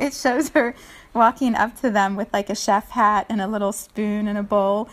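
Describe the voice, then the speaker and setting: A woman's voice: mid-range voice, flat delivery, normal speed. A woman reading a children's picture book aloud, laughing often and chatting about the pictures between passages. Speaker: read-aloud storyteller.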